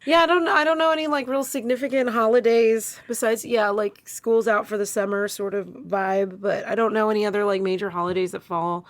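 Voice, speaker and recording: A woman's voice: mid-range voice, fairly even intonation, fairly quick, hardly any pauses, no room sound. A woman co-hosting a podcast in casual chat, upbeat and emphatic, teasing her co-host.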